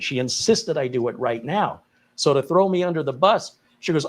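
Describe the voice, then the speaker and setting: A man at a mid pitch tells a story on a live tech stream. His voice climbs high when he acts out disbelief, and he laughs as he talks. The tone is casual and animated. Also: normal speed, husky. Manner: animated, incredulous retelling with laughs. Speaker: tech support co-host.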